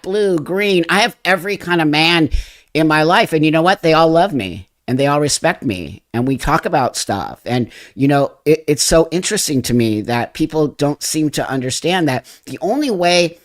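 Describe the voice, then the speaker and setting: A man's voice: a little high, fairly bright tone. A man hosting a casual phone livestream, talking bluntly and emphatically to viewers. His voice is froggy, with a slightly helium-like edge. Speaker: livestream host. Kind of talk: casual livestream chat, answering viewer comments.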